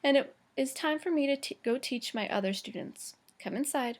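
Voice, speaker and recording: Kind old professor read by a woman, higher voice, patient and fond with his dog. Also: moderate pace. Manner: patient, fond commands to a puppy. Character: kind, gentle older male Japanese professor.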